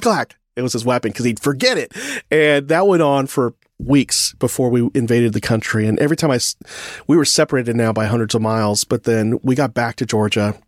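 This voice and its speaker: A man hosting a casual podcast chat, telling an army story with lively acted-out quotes and frequent laughs. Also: medium pitch, no echo, studio quality. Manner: animated storyteller, acts out quotes, laughs often.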